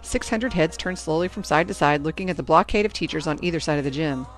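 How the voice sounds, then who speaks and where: A woman narrating a first-person storybook in an expressive, anxious telling. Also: deep voice, fast talker, soft background music. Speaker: audiobook narrator.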